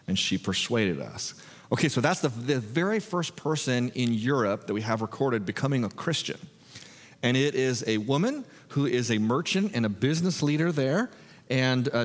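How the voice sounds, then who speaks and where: Pastor in a reverberant hall. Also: male voice, medium pitch. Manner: conversational, animated retelling with filler words. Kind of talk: expository sermon.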